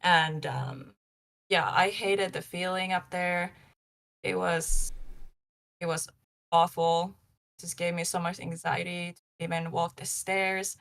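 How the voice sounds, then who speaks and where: Young woman guest, low gravelly voice, loose rambling delivery. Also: flat delivery, slow pace, fairly bright tone. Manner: rambling, many likes and ums. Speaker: paranormal investigator guest. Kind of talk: casual live-show interview.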